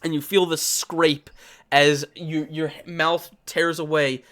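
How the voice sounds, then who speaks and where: A man running a tabletop role-playing game as game master, narrating quickly and casually. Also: on the high side. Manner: relaxed, quick narration with quoted characters.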